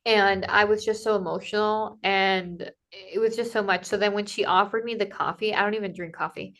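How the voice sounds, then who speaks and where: A woman in casual conversation, telling a personal travel story in a lively way, acting out what people said to her and filling her talk with "like". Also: medium pitch, normal speed. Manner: animated, acts out quoted dialogue, many "like" fillers. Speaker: podcast guest, Camino pilgrim.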